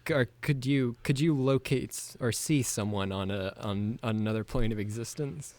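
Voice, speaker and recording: Player, man, halting and hesitant, average pitch. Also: darkish tone. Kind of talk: casual tabletop role-play.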